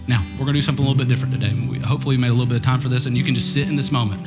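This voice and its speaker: A man's voice: medium pitch, rapid-fire, few pauses. A man preaching a sermon, conversational and humorous, slipping into acted voices. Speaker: pastor. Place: church sanctuary. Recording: church hall reverb with guitar playing.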